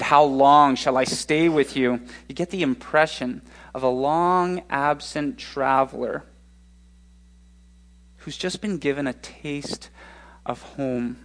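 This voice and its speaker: A male pastor preaching a sermon in an expressive way, slowing down and speeding up for emphasis. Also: mid-range voice. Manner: expressive, shifting pace for emphasis.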